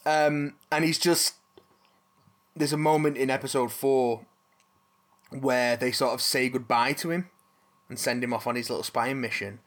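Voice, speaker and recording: A man's voice: medium pitch, fairly even intonation, unhurried, long pauses, fairly bright tone. A man hosting a casual chat, rambling with restarts and casual swearing.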